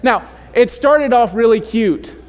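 A young male pastor preaches with animated storytelling, slipping into voices for the quotes he tells. His voice sits high for a man, and the church carries a long reverb behind him. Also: unhurried. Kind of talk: sermon. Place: church sanctuary.

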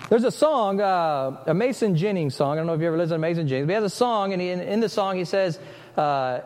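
A man's voice: high voice, expressive, fast talker, darkish tone. A man preaching a conversational sermon as pastor, often breaking off mid-sentence and acting out little quoted exchanges. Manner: conversational, self-interrupting, acts out quoted voices. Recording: long hall reverb.

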